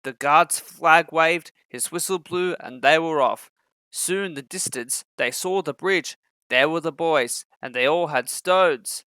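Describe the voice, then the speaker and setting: A man reading a children's storybook aloud, expressive and acting out every character. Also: a little high, measured pace, clean tone, no room sound. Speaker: narrator.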